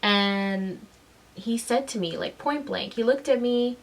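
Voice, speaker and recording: Animated woman telling a personal story. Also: a little high, takes it slowly, rough recording. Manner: animated, acts out quoted voices. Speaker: mother and vlogger. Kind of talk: casual storytelling vlog.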